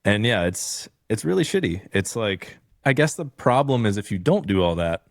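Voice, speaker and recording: A man's voice: on the low side, big pitch swings, normal speed, no room sound, clean studio sound. A man hosting a podcast in casual chat, laid-back and loose, filling his talk with "like" and casual swearing. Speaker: podcast host.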